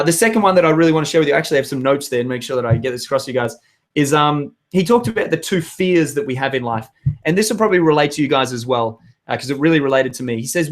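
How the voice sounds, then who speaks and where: A hoarse young man giving an energetic motivational talk to his viewers, with emphatic outbursts. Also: medium pitch. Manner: energetic, emphatic, bursts into loud shouts. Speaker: vlogger.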